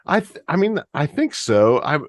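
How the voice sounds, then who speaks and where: A man speaking as a podcast guest in casual conversation, halting and restarting often and laughing easily. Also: a little high, very animated, no echo, studio quality.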